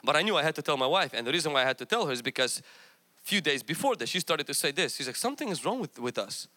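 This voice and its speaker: A male pastor with a high, bright voice delivers a sermon. He mixes candid, self-mocking storytelling with fervent exhortation to the congregation. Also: animated, rapid-fire.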